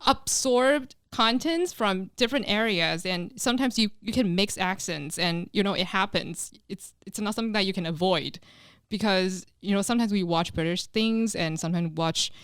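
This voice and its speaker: A woman, an English teacher, talking in a casual podcast chat in a recording studio, lively and emphatic. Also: mid-range voice, normal speed, clear, resonant tone, dry recording.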